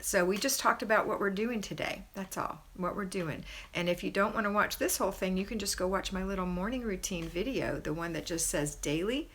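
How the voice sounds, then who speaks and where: A woman's voice: brisk, few pauses, a little hiss or hum. Effusive woman hosting a live stream. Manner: effusive, encouraging, praises viewers; chatty, with pitch rising high in excitement. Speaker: homemaking livestream host. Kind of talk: live stream reading viewer comments.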